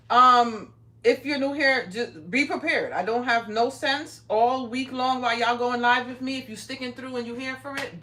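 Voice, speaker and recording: Brash, bossy woman, bright voice, roomy echo. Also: sits high, far from the mic, a little hiss or hum. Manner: brash, profane, bossy teasing. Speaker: craft livestream host. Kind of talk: casual livestream chat while crafting. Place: home craft room. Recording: roomy echo, speaking away from mic.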